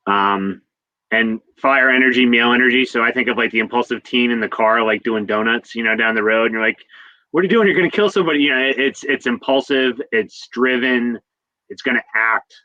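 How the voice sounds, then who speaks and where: Guest astrologer guy rambling, bright voice, dull dry audio. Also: mid-range voice, little pitch movement, normal speed, no echo. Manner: loose, rambling explanations with fillers like "kinda" and "like". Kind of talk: casual astrology chat.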